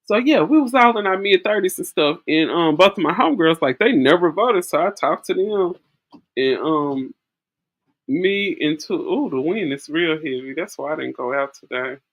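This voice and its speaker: A woman talks casually about politics. Her delivery is chatty and animated, full of storytelling and laughter. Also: fairly low pitch, moderate pace. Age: early 40s. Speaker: vlogger. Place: outdoors in wind.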